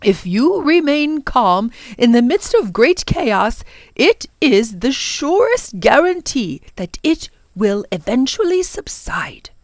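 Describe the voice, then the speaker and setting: A woman's voice: high voice, sing-song, slow, dry recording, pitched above the performer's own voice, exaggerated voice. A woman voicing a wise, kind old professor. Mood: reassuring. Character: wise, kind older male professor, calm mentor. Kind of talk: storybook reading aloud.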